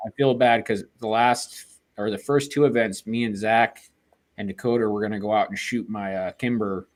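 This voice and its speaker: Low-voiced rambling podcast guest, man. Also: fairly even intonation, moderate pace. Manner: rambling, hesitant, many fillers. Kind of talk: casual podcast chat.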